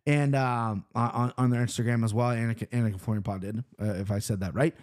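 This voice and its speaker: A vlogger from Cincinnati, Ohio, recaps his weekend in a loose, rambling story full of profanity. His mid-range voice is steady, a little mellow, and brisk, and the talk is casual.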